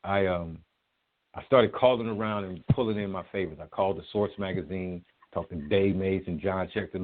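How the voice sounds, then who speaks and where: A man with a low voice tells old music-business stories as a guest. He talks in a casual, profane, animated way and acts out what people said. He comes through a thin, tinny phone line. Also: brisk. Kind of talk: casual storytelling interview.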